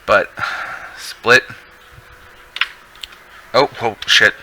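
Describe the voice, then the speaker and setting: A man's voice: fairly low pitch, very slow, pushed and bright, slight background noise, low-quality recording. A man casually thinking aloud on a live stream while he edits a video, rambling with many restarts. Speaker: video editor streaming his work.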